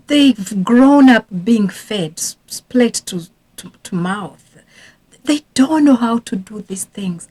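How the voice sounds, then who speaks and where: A woman's voice: medium pitch, expressive, a little slow, a little mellow, breathy edge. A woman in her thirties working as a parenting coach, giving earnest casual advice with repeated emphasis. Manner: earnest, repetitive emphasis, occasional restarts.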